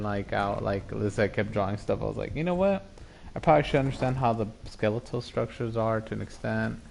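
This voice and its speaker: A man's voice: lowish voice, gravelly, darkish tone, slight background noise. A man in casual chat, laid-back, with lots of "like" and "you know" in his talk. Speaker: friend chatting.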